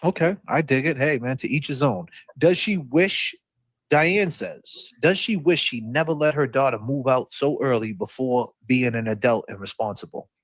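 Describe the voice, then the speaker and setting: A man's voice: medium pitch, moderate pace, no echo. A man hosting a casual livestream over a video call, loose and chatty, talking straight to his viewers. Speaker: livestream host.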